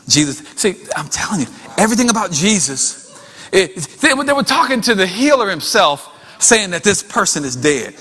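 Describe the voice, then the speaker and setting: A man preaching a sermon, animated, acting out voices with folksy asides. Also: high voice, a little fast. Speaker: pastor. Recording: long hall reverb.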